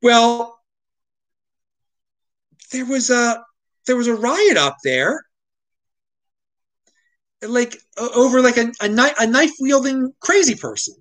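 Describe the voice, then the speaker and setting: A man from the Baltimore area talks through his solo show in a loose, ranting monologue. His pitch swings widely as he grows exasperated, stumbling and restarting mid-sentence before pressing on. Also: lively intonation, slow, pauses often, fairly bright tone, rough recording. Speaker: show host. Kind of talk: casual opinion monologue.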